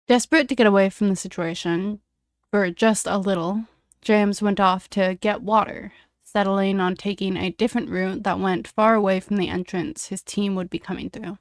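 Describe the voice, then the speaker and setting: A woman reading a story aloud in an expressive, dramatic way. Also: medium pitch, clear, resonant tone, no echo, studio quality. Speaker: reader of fan fiction.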